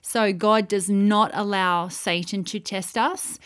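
A woman teaches from scripture at an unhurried, measured pace. She presses hard on repeated words for emphasis and reads each verse out carefully. Her voice sits at an ordinary middle pitch. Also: fairly even intonation, fairly bright tone. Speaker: Bible teacher.

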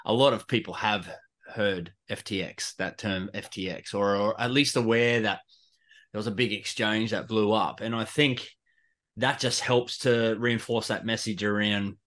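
Laid-back Australian man, low voice. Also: fairly even intonation, normal speed, a bit bright. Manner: laid-back, swears freely, laughs often. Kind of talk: casual podcast chat.

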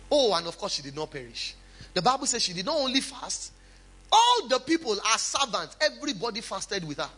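A man's voice: high-pitched, pushed and bright. A male pastor preaching a sermon, with emphatic swings and chatty asides to the congregation.

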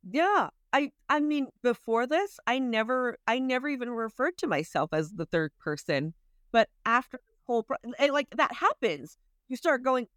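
A woman's voice: a little high, animated, measured pace, a bit bright, no room sound, clean studio sound. A woman in her thirties, a podcast guest, chatting casually and animatedly, laughing often and acting out her own inner voice. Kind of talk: casual interview chat.

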